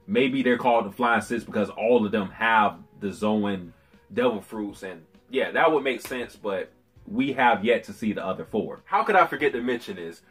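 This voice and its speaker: A man with a husky voice reviewing anime chapters in a casual vlog, animated, slangy and profane. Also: on the low side, normal speed, faint music behind.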